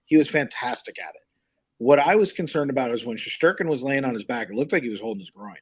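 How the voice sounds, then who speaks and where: Brief: male sports-show host, animated, incredulous, conversational delivery. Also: mid-range voice, fast, slightly rough. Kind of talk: casual sports chat.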